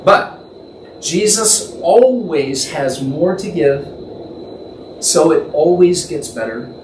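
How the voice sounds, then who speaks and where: A man's voice: a little high, expressive, slow. A man teaching from the Bible in a conversational, thinking-aloud way, imagining the scene and correcting himself as he goes. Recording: echoey room, distant mic, faint background noise.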